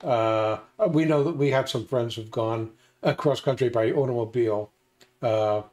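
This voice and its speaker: A man's voice: mid-range voice, moderate pace, darkish tone. An older man co-hosting a casual chat, steering the talk with many hesitations. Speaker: co-host.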